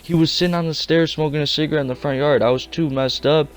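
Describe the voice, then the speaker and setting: A man's voice: fairly high pitch, fairly even intonation, fast talker. Laid-back young man telling a story. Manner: rambling, slangy, laid-back. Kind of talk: casual storytelling.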